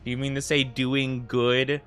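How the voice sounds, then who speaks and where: An American man chats through a game livestream, drifting from thought to thought with plenty of filler words. His voice is bright and forward at a middle pitch, and a faint bed of music plays quietly beneath him. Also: little pitch movement, a little slow. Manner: rambling, heavy use of fillers like "like". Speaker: streamer. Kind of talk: casual livestream chat.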